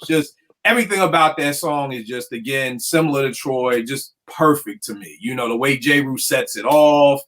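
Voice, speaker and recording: A man hosting a casual talk about hip hop beats, a producer telling stories in lively slang. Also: mid-range voice, moderate pace. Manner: animated storytelling with slang. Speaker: podcast host. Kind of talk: casual chat.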